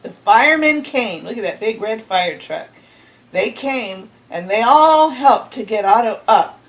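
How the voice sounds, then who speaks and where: Slow, lively woman reading a storybook. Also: fairly high pitch, dull audio. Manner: expressive, with gasps and asides to the listener. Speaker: storybook reader. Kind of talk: reading a children's picture book aloud.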